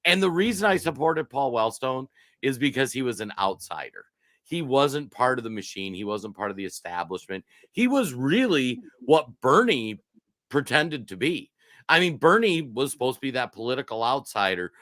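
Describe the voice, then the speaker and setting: A man's voice: mid-range voice, moderate pace, no echo. A man from Minnesota co-hosting a casual political talk show, telling stories animatedly and acting out what people said. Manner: animated storyteller who acts out quotes. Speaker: co-host.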